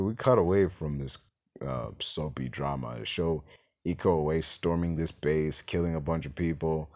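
A man's voice: sits low, warm tone. Exasperated man ranting about movies. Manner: exasperated, rambling rant. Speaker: podcast host. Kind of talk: casual movie review.

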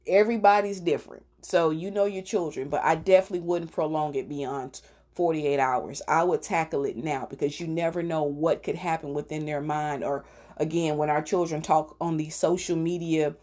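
A woman with a low voice hosts her own podcast, talking through parenting advice in a loose, chatty way. She speaks straight to the listener, with plenty of fillers and check-ins. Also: steady tone, moderate pace, a little mellow. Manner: chatty, conversational, with fillers and direct address. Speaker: podcast host. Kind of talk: casual advice talk.

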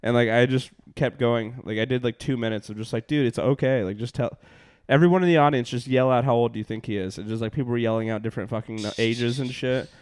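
A young man tells stories in a loose, rambling way, breaking into laughs and swearing freely. His voice is smooth and clear, recorded close and dry. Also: medium pitch, fairly even intonation, fast talker, few pauses, a little mellow, no echo. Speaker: comedian and podcast host. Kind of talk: casual storytelling chat.

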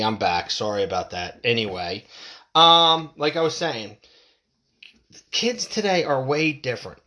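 A man's voice: medium pitch, bright, forceful tone. A middle-aged man hosting a podcast alone, ranting bluntly and profanely, rambling and restarting his sentences. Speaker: podcast host. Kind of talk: casual solo podcast rant.

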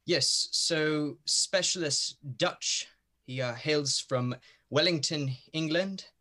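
A man's voice: a little high, slow pace, sharp tone. A man playing in a tabletop role-playing game, introducing his character while hesitating and thinking aloud. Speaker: player. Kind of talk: tabletop role-play chat.

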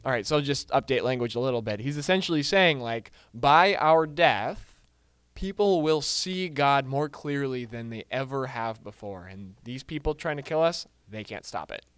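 A man's voice: medium pitch, animated, normal speed, a bit bright, clean tone, no echo. A man leading a casual group book discussion, full of fillers and restarts, putting questions to the group.

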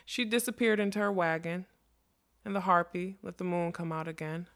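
A woman narrating a fantasy novel aloud in a measured, expressive reading. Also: on the low side. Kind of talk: storybook reading.

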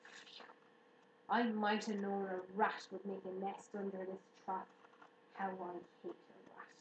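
A woman doing a gruff, irritated farmhand. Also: medium pitch, little pitch movement, a little slow, muffled recording, lightly acted. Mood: disgusted. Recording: roomy room echo, faint hiss.

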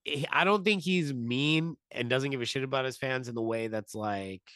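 A man's voice: medium pitch, normal speed, fairly bright tone, dry recording. Man, podcast co-host, candid rambling chat, frequent swearing, dry close sound. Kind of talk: casual chat.

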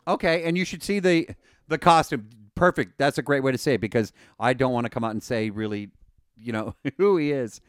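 A man co-hosting a podcast, talking casually and excitedly with many fillers and restarts. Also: mid-range voice, brisk, no echo, studio quality. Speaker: podcast co-host.

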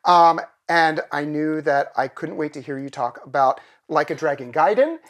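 A man's voice: fairly high pitch, moderate pace, a bit bright. A man with a Philadelphia accent hosting a podcast in casual chat, rambling and self-deprecating. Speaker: podcast host.

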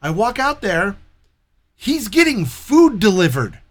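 Guy spinning a cussing story, kinda high voice for a dude, acts out everyone in it. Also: slow. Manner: profane, animated retelling with quoted dialogue. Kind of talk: casual storytelling chat.

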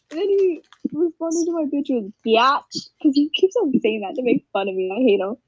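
Storytelling casually in a group call, a teenage girl brings lots of energy, acting out what people said and laughing often. Her high voice moves briskly, with no echo, through dull, dry lo-fi audio.

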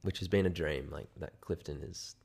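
A man's voice: low-pitched, moderate pace, gravelly, a little mellow, slightly rough. A man with an Australian accent, a podcast guest who talks in a laid-back, enthusiastic way and drops slang. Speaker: guest, aerial filming business owner. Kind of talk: casual chat.

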